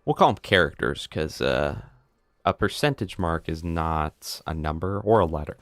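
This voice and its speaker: A man's voice: rumbling low, animated, moderate pace, a bit bright, no echo. A man streaming a video game live, joking around and chatting to his viewers. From United States. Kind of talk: live gameplay commentary.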